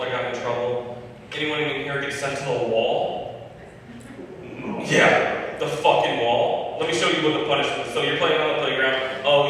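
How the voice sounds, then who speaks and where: A man's voice: mid-range voice, a bit bright, slight background noise. A man doing a stand-up set in a live comedy club, telling stories, swearing freely and working the crowd. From Michigan, US. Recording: echoey hall from far off.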